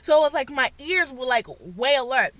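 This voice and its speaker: A woman beauty vlogger tells a story from her car in a bright, piercing voice that swoops high and low. She curses freely and loudly acts out her own screaming. The sound is close and dry, with no room echo. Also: expressive, normal speed. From Boston area, USA. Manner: loud, swears a lot, acts out her screams. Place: parked car.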